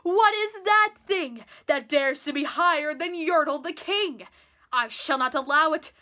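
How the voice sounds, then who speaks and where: A woman's voice: high voice, measured pace, bright, forceful tone. A woman voicing a pompous, boastful male turtle king who bellows his commands. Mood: furious.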